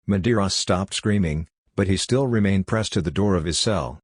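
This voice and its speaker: Deep-voiced male audiobook narrator. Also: normal speed, few pauses, husky, no echo, clean studio sound. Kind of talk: scripted narration.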